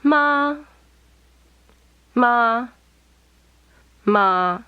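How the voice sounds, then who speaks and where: Woman saying syllables super slow, bright smooth voice, kinda dull dry recording. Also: on the high side, expressive, no room sound. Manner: carefully sung-out single syllables. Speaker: native speaker model. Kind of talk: slow pronunciation demonstration.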